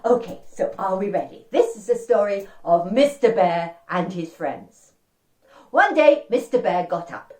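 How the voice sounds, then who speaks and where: A woman's voice: medium pitch, big pitch swings, a little slow, a little mellow. A woman telling an interactive story to children, speaking directly to young listeners and inviting them to join in. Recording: roomy and distant.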